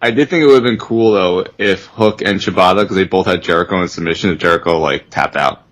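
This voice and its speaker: A laid-back male podcast co-host giving easygoing takes on wrestling matches. His voice is very low and relaxed. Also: fast, low-quality recording. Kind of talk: casual wrestling review banter.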